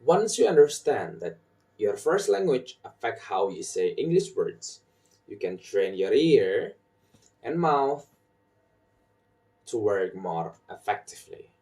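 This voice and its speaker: Slow, deliberate young man teaching stress. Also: on the low side, big pitch swings, warm tone, far from the mic. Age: young adult. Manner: slow, deliberate, repeats example sentences with marked stress. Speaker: student presenter. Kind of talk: recorded phonology lesson. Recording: voice set back from the mic.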